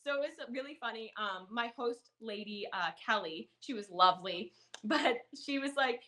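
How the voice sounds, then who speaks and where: A woman's voice: a little high, normal speed. A young woman from Canada telling stories in a podcast interview, giggling often and filling her talk with "like". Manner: giggly, lots of fillers, animated quoting. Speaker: podcast guest, former rodeo queen. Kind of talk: casual storytelling.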